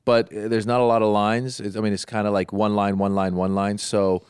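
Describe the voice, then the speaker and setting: Smooth-voiced rambling storyteller man. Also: on the low side, flat delivery, a little fast, a little mellow, no echo, studio quality. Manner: rambling storyteller, many restarts. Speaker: podcast co-host. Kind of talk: casual chat.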